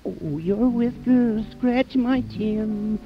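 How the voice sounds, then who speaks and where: A woman singing as a fair young maiden in slow, plaintive calls, on a dull lo-fi old record with a band. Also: on the high side, over music. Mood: pleading. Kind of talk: comic song on old record.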